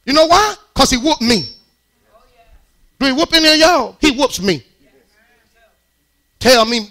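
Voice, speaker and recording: A man preaching a sermon in church, speaking. He talks to the congregation in a conversational, animated way and builds to loud, strained peaks. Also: extremely high pitch, unhurried, pauses often. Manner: rises into shouted, strained peaks.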